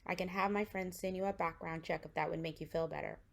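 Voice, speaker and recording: A woman voicing a kind, patient young man who speaks gently and reassuringly. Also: lowish voice, steady tone, quick pace, vocal fry. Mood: hopeful.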